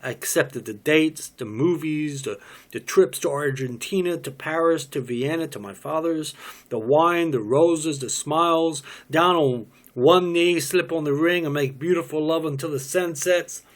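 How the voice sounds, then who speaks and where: A man cold-reading a stage play, voicing a distraught, bitter pregnant young woman in loud, shrill outbursts. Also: a little slow, close to an everyday voice. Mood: anguished.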